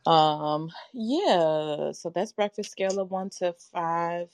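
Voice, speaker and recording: A woman co-hosting a podcast, chatting casually through a morning check-in with lots of ums and pauses, a little nervous. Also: fairly low pitch, no echo. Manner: relaxed, halting with many ums. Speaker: podcast co-host.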